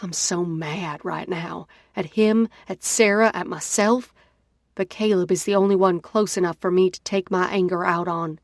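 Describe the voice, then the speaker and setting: A woman narrating a first-person romance audiobook in an expressive, dramatic way. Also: lowish voice, normal speed, no room sound, studio quality.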